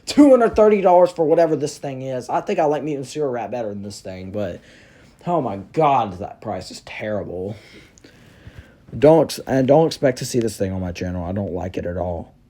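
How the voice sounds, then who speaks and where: A man hosting a casual review vlog, talking excitably and ranting with plenty of exaggeration. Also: on the low side, normal speed. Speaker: prop reviewer, channel host.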